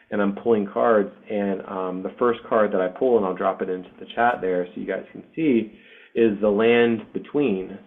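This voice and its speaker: A man in his forties hosting a spiritual group call, sharing a personal experience in an informal, heartfelt way. His voice sits a little low. The audio is narrow and tinny, like a video call. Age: 40s. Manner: informal and heartfelt, says "dude", many fillers. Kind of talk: casual personal storytelling.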